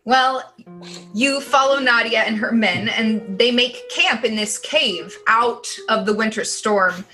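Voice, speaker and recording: A woman's voice: on the high side, slow, bright, forceful tone, faint music behind, low-quality recording. A woman narrating a tabletop game as game master, in a loose, chatty way with many fillers.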